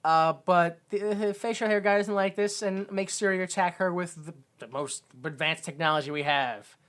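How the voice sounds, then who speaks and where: A woman's voice: on the low side, moderate pace. A woman co-hosting a podcast, recapping a film in rambling casual chat, swearing and acting out silly quotes. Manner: rambling, laughing, swearing, acts out quotes in a goofy raised voice. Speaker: podcast co-host.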